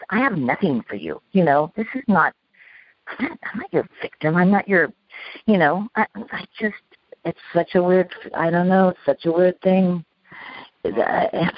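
A middle-aged woman recounting a past ordeal in an interview, halting, with many restarts and fillers. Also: sits low, no room sound. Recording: dull, lo-fi sound.

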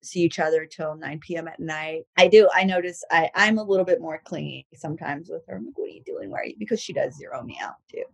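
A woman talks in a loose, rambling podcast chat, full of restarts and casual swearing. Her voice sits low and has a husky, breathy edge. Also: fast talker, few pauses, dry recording, rough recording. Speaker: comedian guest.

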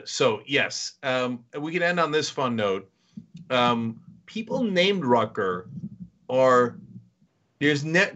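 Man, middle-aged, bright voice, joking host, dull lo-fi sound. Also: medium pitch. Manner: joking, chuckling often. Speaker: podcast host. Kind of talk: casual chat. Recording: dull lo-fi recording.

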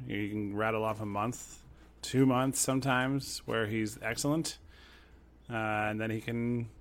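A man co-hosts a sports podcast at a middling pitch. He thinks aloud in a hesitant, loose way with plenty of fillers and drops in dry jokes. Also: a bit bright. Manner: hesitant, musing, joking. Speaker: podcast co-host. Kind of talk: casual sports chat.

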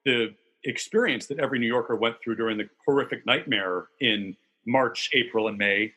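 Husky-voiced male podcast host. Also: medium pitch, normal speed, bright, forceful tone. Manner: chatty, enthusiastic, occasionally swears. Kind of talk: casual podcast chat.

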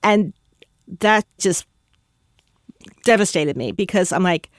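A widow telling a heartfelt personal story about grief, pausing often. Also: female voice, mid-range voice, lively intonation, no echo, studio quality.

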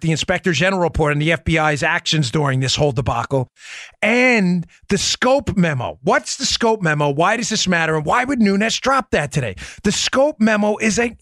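Male podcast host, political commentary, emphatic, rhetorical questions, fairly high voice, dry close sound. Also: fairly bright tone, dry recording. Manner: talks to his co-host by name.

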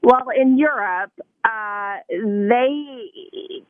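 A woman's voice: on the high side, very slow, no room sound. A woman with a Tennessee accent, a correspondent speaking as a guest on a radio show, earnest with many fillers. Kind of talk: remote radio interview. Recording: tinny phone line.

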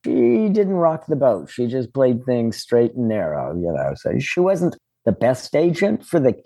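A man's voice: mid-range voice, sing-song, measured pace, dark tone, dry recording. An older man, a former child actor, telling rambling anecdotes in an interview with many fillers. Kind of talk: relaxed interview storytelling.

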